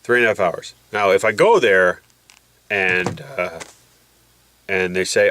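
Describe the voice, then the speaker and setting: A man's voice: deep voice, fairly even intonation, takes it slowly, pauses often, pushed and bright, no echo. A man telling a rambling, jokey vlog story with his nose packed by a balloon, putting on voices as he goes. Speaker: vlogger.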